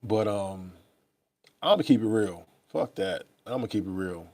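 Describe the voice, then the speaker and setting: A young man speaks in a low, mellow voice. He rambles loosely and swears freely, talking straight to his viewers. It sounds like a casual live stream picked up by a laptop mic. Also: unhurried. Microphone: laptop or phone mic.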